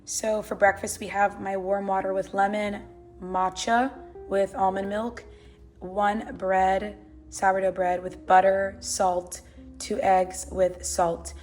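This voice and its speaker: Young woman chatting away on her vlog, slangy and lively, echoey room, faint music. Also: medium pitch, slow. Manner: chatty, animated, slangy storytelling with acted-out quotes. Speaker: vlogger. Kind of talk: casual storytelling vlog.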